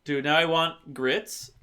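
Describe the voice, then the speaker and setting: A man's voice: fairly high pitch, bright, forceful tone. A man hosting a livestream, chatting playfully and laughing as he reads viewer comments. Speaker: livestream host. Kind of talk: casual chat reading viewer comments.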